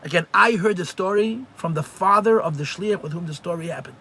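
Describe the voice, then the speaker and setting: This is a man, a rabbi, whose voice sits high and carries a breathy edge as he talks at a fairly quick pace. He's teaching a live religious class, telling lively stories and often repeating phrases for emphasis.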